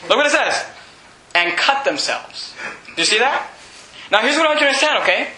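A man preaching a sermon, reading scripture and mocking false worship with shouted impressions and laughs. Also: very high voice, expressive, a little fast, echoey room, slight background noise, poor audio. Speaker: pastor.

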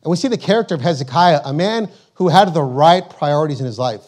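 A man preaching a sermon, emphatic and repetitive, slowing down to read scripture aloud. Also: on the high side, animated, darkish tone.

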